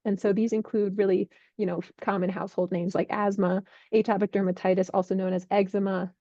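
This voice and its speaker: A woman working as a healthcare investment analyst, clearly and methodically explaining drug industry developments. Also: mid-range voice, little pitch movement, a little fast, mellow, no echo, lo-fi sound.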